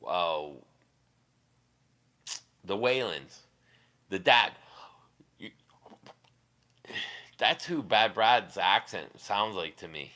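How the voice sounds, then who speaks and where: A streamer talks to his viewers with a bright, forceful edge over a lowish voice. He rambles and swears casually and chuckles between thoughts. He often restarts sentences. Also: animated. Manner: rambling and crude, quick laughs, many restarts. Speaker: live streamer. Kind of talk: casual live-stream chat, answering viewers.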